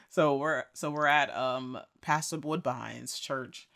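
A podcast co-host with a bright, sharp voice retells a TV episode in detail. They quote the characters as they go and laugh easily between lines. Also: mid-range voice, gravelly. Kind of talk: casual chat recapping a TV episode.

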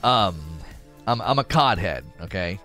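A man in casual podcast talk, arguing his point in an animated, rambling, defensive way. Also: lowish voice, a little slow, soft background music. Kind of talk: casual argumentative chat.

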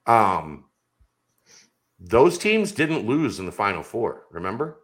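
Bright-voiced man arguing sports. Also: lowish voice, sing-song, takes it slowly. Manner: emphatic, insistent, rambling storyteller. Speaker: sports podcast co-host. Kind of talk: casual sports debate.

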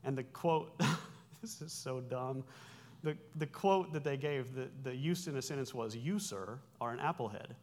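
A slightly mellow mid-range voice belongs to a forties-aged pastor who speaks a little slowly with few pauses. He preaches by explaining Greek words conversationally, correcting himself and slipping in wry remarks.

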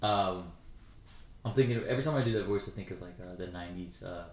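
A man's voice: low voice, quick pace, darkish tone. A man co-hosting a podcast in loose, rambling casual chat, swearing freely. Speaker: podcast co-host. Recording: echoey room.

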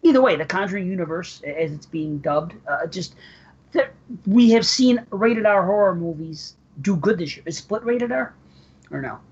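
Animated husky-voiced podcast host guy. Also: high voice, normal speed. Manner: crude, animated, laughs a lot. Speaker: podcast host reading listener emails. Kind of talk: casual podcast banter. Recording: muffled lo-fi podcast audio.

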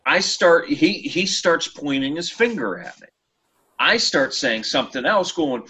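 A man hosting a casual chat show, telling a story with lively, acted-out quotes. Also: fairly high pitch, measured pace. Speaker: podcast host.

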